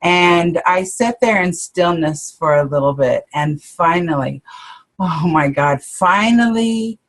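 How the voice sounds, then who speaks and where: Slow, low-voiced woman co-host. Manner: hesitant, many ums and restarts. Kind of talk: casual spiritual chat.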